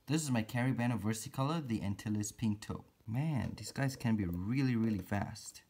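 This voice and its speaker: A man's voice: lowish voice, normal speed, darkish tone, husky. A man narrating a casual pet-keeping vlog, chatty and teasing his spiders as he feeds them. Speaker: reptile and spider keeper vlogger.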